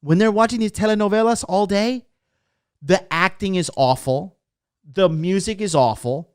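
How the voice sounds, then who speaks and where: A man's voice: high voice, normal speed, darkish tone, smooth, dry recording, studio quality. Brash, profane male dating coach. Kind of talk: casual livestream chat reading comments.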